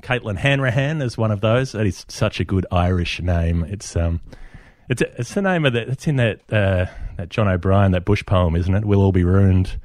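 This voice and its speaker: A man's voice: lowish voice, animated, normal speed, no room sound, clean studio sound. A man, co-hosting a casual podcast chat in a wry, chatty way and thanking listeners by name. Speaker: podcast co-host.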